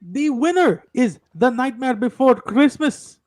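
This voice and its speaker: A man's voice: very high voice, animated, unhurried, darkish tone, no echo. Man announcing with mock royal formality. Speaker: tournament moderator, self-styled lord. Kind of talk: casual podcast chat with mock-regal announcing.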